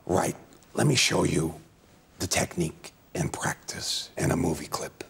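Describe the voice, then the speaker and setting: A man playing a parody of a famous aging film actor, talking in a husky, murmuring, rambling way full of half-whispered asides in a comedy sketch. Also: sits low, unhurried, a bit bright, faint music behind, full character voice. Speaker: celebrity acting teacher in a sketch.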